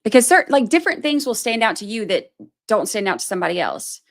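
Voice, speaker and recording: A woman's voice: mid-range voice, very animated, quick pace, vocal fry. A woman hosting a livestream, chatting casually about a court case. She rambles, thinks aloud and fills her talk with "like" and "you know.". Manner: self-deprecating, thinks aloud. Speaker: livestream host commenting on a trial. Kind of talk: casual livestream commentary, reading chat aloud.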